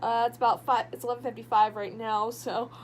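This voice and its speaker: A woman's voice: a little high, level tone, fairly quick, a little mellow, slight background noise. A tired young woman casually chatting in a late-night book vlog, rambling with lots of fillers. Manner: rambling, filler-heavy, drowsy. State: tired, yawning. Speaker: book vlogger. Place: at home at night.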